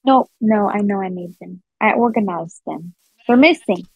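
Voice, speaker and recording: A woman's voice: medium pitch, moderate pace, creaky, husky, no echo, highs cut off. A woman co-hosting a casual gameplay chat, teasing and chatty and laughing often. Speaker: gaming channel co-host.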